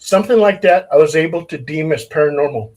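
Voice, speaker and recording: A man's voice: on the high side, fast talker, darkish tone, poor audio. A male paranormal investigator telling case stories, acting out the dialogue of the people in them. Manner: acts out quoted dialogue in his stories. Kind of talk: anecdotal storytelling.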